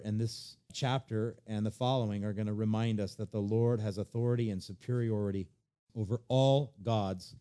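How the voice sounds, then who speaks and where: A middle-aged man preaching a sermon in a conversational way, jumping from loud emphasis to quiet asides. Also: fairly low pitch. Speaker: pastor.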